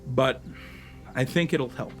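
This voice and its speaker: A man's voice: mid-range voice, slow pace, faint music behind, voice pushed down, natural voice. A man voicing a weary, sighing woman druid who leads a werewolf pack. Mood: calm. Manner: sighing, resigned.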